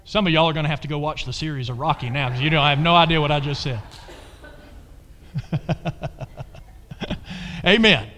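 A male pastor preaching a sermon, emphatic, swinging between loud exhortation and quiet asides. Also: a little high, moderate pace, long pauses. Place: church sanctuary. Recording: long reverb of a large church hall.

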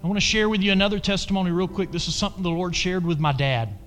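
A male pastor preaching a sermon, emphatic, swinging between loud exhortation and quiet asides. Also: sits high, racing, faint music behind. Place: church sanctuary. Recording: long reverb of a large church hall.

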